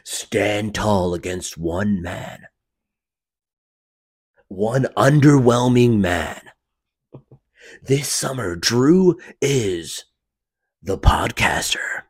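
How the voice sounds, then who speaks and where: A man doing a parody of a movie trailer narrator, with a slow, dramatic, drawn-out delivery. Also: fairly low pitch, lively intonation, husky, heavily acted.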